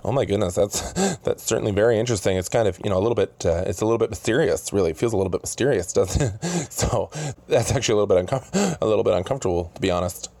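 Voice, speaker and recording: Low voiced podcast host guy, rambly, lots of ums, dry close sound. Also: expressive, rapid-fire, warm tone, no room sound. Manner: rambling, full of fillers and chuckles. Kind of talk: casual interview chat. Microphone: studio booth mic.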